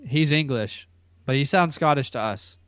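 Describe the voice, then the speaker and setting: A man's voice: medium pitch, normal speed, a bit bright, smooth, dry recording. An American man co-hosting a casual live stream, chatty and reading out viewer questions. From United States. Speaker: podcast co-host.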